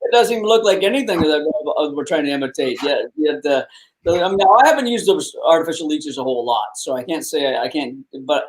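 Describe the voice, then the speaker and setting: High-pitched guy on a live fishing show, blunt, laughs a lot, cusses. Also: animated, quick pace. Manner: blunt, laughing, swears while telling stories.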